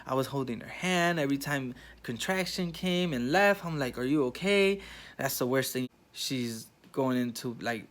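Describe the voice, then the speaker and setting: Young guy vlogging, rambly and animated, mid-pitched voice, lots of "like" and restarts. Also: moderate pace, hardly any pauses. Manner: animated, rambling retelling with many fillers and restarts. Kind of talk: casual storytelling to viewers.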